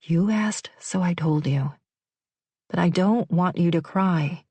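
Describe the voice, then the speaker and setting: This is a steady, gentle male firefighter, voiced by a woman narrator. He speaks softly and reassuringly in a low, mellow tone. The recording is close and dry. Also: takes it slowly, slightly rough, no room sound, exaggerated voice. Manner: soothing, reassuring, soft-spoken.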